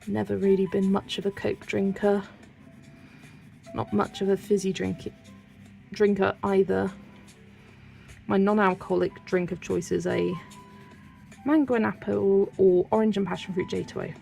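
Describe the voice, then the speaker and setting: A woman's voice: mid-range voice, level tone, moderate pace, gravelly, pauses often, mellow, soft background music. A young British woman with a British accent, chatting casually and giggling while she colours on a livestream and reads out viewer comments. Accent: British English. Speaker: colouring channel host.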